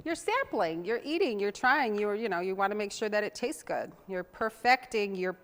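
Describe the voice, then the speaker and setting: A woman hosts a home cooking show and chats warmly to the viewers as she chops. Her pitch sits in the middle of the range, and the talk is loose and homey. She turns away from the mic now and then while she works. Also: expressive, moderate pace. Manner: chatty and homey, talks to viewers while chopping. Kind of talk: casual cooking demonstration.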